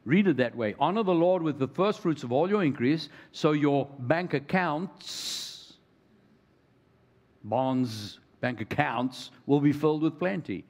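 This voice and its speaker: A man's voice: fairly high pitch, lively intonation, a little slow, darkish tone. A middle-aged male pastor preaching a sermon, reading scripture and calling out to the congregation with rising emphasis.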